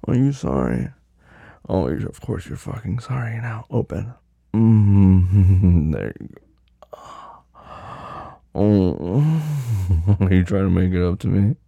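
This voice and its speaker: A man's voice: deep voice, animated, takes it slowly, gravelly, long pauses, warm tone, slightly rough, dry recording. A man performing a dominant audio role-play, commanding and teasing, sometimes dropping to a whisper. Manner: drops to a whisper at times.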